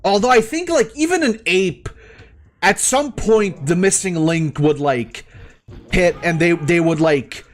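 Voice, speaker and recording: A man's voice: high voice, lively intonation, unhurried. A man ranting heatedly in casual talk while playing a game, swearing often and stumbling over his words. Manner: exasperated, heated, heavy swearing; stammering restarts. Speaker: gaming streamer.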